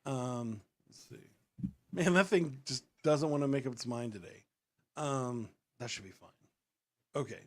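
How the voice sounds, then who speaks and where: A man's voice: medium pitch, unhurried. A man hosting a casual podcast, rambling loosely through stories with lots of fillers and restarts. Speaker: podcast host and rapper.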